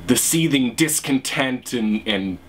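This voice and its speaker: A man's voice: mid-range voice, animated, slow, slight background noise. Rambling man giving casual commentary. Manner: rambling, hesitant, blunt. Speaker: vlogger.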